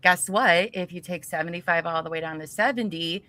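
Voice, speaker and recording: A woman's voice: lowish voice, brisk, pushed and bright, no room sound. A woman co-hosting a podcast, chatting in a playful, teasing way. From US Midwest. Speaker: podcast co-host. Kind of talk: casual podcast chat.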